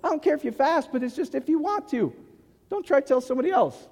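A man's voice: very high-pitched, expressive, quick pace, creaky, a little mellow, in a large hall. A man preaching a conversational sermon as pastor, often asking the congregation questions.

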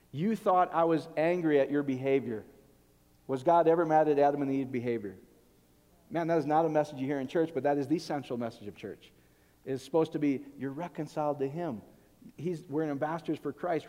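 A man delivers a sermon with animated energy, jumping between loud, emphatic bursts and quiet, intimate asides. His voice sits a little higher than most men's. The sound rings with a long reverb, like a big hall. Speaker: preacher.

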